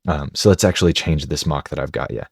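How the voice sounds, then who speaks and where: Low, husky-voiced man chatting football. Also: quick pace, dry recording, clean studio sound. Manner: chatty, conversational, thinks aloud. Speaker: sports video host. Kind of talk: casual football draft analysis.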